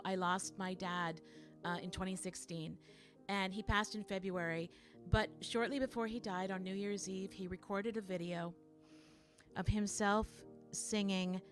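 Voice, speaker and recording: A middle-aged woman, a singer and show host, speaks casually at home between songs on a livestream, telling a story slowly and thoughtfully with frequent restarts. Her voice is mid-range.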